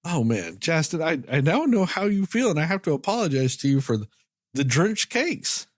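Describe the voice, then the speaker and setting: A man's voice: a little high, brisk, dry recording, clean studio sound. A man co-hosting a movie podcast, riffing and swearing in casual late-night chat, sounding tired. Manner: animated, profane, riffing. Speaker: podcast co-host.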